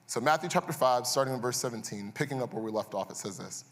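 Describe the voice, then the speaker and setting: A man's voice: mid-range voice, expressive, fast, fairly bright tone. A man preaching a sermon as pastor, conversational and building to intense, repeated refrains. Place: church auditorium. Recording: church hall reverb.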